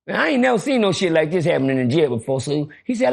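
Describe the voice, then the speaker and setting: Animated, gravelly high-voiced man storyteller. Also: fast talker. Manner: animated, acts out voices and profane asides. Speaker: podcast guest telling a jail story. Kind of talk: casual storytelling chat.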